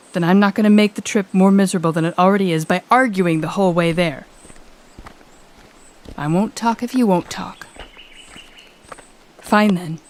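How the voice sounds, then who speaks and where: A woman's voice: mid-range voice, natural voice. A woman voicing a cold, sardonic female demon lord who talks in a curt, cutting, sarcastic way in an audio role-play.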